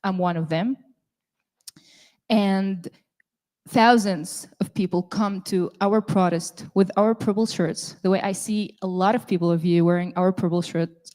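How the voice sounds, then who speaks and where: A woman's voice: mid-range voice, steady tone, measured pace, a little mellow. Earnest woman addressing a rally. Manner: earnest, repeats words for emphasis. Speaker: activist speaker. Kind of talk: speech at a rally.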